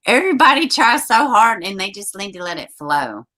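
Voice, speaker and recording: Bright-voiced woman, blunt, swearing freely. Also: medium pitch. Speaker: channel host. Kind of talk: casual live-stream chat.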